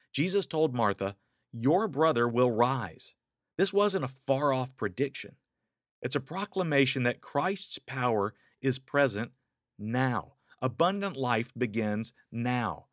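Male preacher, sermon, dry close sound, urgent questions, hushed slow passages. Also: medium pitch, no echo. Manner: dramatic swings between raised urgent questions and soft hushed lines.

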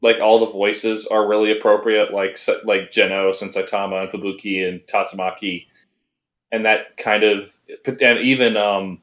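A man's voice: fairly low pitch, steady tone, normal speed, a bit bright, reverberant. A man co-hosting a casual anime review podcast, talking in a rambling, hesitant way with many fillers and restarts. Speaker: podcast co-host.

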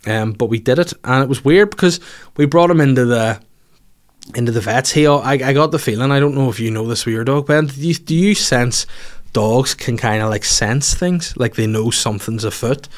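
A man's voice: medium pitch, normal speed. A man telling a long, rambling story in casual chat, swearing and laughing at himself as he goes.

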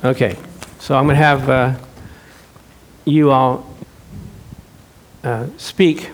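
A man's voice: mid-range voice, slow, slight background noise. A male pastor preaching a sermon in a church, telling stories and acting out quotes with laughs. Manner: animated storytelling, acts out quotes, laughs often.

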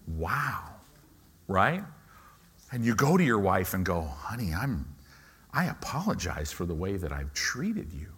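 A male pastor preaching a sermon, telling a personal story, swinging between loud emphatic bursts and quiet asides. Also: mid-range voice. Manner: preacher's repeated emphatic contrasts.

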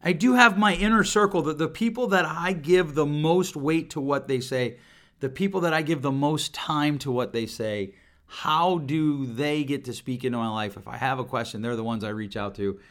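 A man's voice: fairly high pitch, moderate pace, fairly bright tone. A middle-aged man hosting a solo podcast, talking earnestly and reflectively at his computer mic, often restarting and repeating words. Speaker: podcast host. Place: home recording setup at a computer. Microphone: desk microphone.

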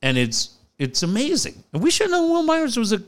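A man's voice: very high voice, wildly swooping pitch, a little fast. A middle-aged man from the San Diego area, chatting casually on a podcast, rambling and swearing as he goes. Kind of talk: casual chat.

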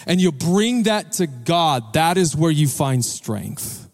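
A man with a fairly high voice preaches to his congregation, pausing to quiz them and ask for an amen. His words ring out with a long reverb that fills the large church hall. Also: big pitch swings, a little mellow. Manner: engages the congregation with questions and calls for responses. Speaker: pastor. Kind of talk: sermon. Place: church sanctuary.

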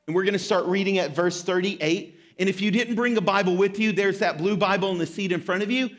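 A man in his thirties preaching a sermon as pastor, telling a story with animated, self-deprecating humor. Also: sits high, fairly quick.

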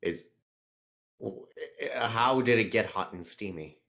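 A man's voice: on the low side, unhurried, fairly bright tone. A man hosting a casual podcast, joking around and reading out listener questions. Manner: jokey, reads listener questions aloud. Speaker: podcast host. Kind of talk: casual chat.

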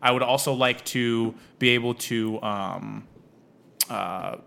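Rambling man, mid-pitched, casual slang. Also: slow pace, gravelly, pushed and bright. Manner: rambling, hesitant, full of ums and slang like dude and bro. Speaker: podcast co-host. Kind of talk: casual chat.

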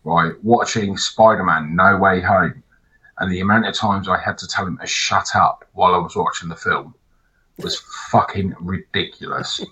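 A man chatting casually as a podcast co-host, telling animated, sweary stories. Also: low-pitched, moderate pace, muffled recording. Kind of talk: casual chat.

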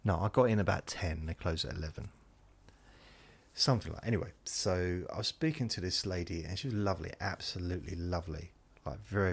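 Podcast comedian: a man with a very low, gravelly voice, rambling deadpan monologue. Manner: self-deprecating, rambling, deadpan asides.

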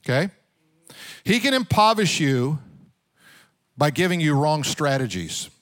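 A man preaching a sermon, telling a Bible story with lively asides and putting direct questions to his congregation. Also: fairly high pitch, a little slow, dry recording, clean studio sound. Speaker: pastor.

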